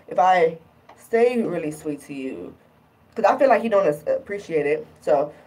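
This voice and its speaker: Young female vlogger, husky, frank and exasperated, mic set back a bit. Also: mid-range voice, a little mellow, distant mic, poor audio. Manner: frank, exasperated, quotes partner in mocking voices. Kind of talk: candid personal rant to camera.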